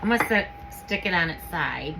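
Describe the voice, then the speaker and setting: A woman hosting a home canning video, chatting casually through a how-to demonstration in her kitchen and gushing with excitement as she works. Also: lowish voice, normal speed, gravelly, slight background noise, rough recording. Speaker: home canning channel host.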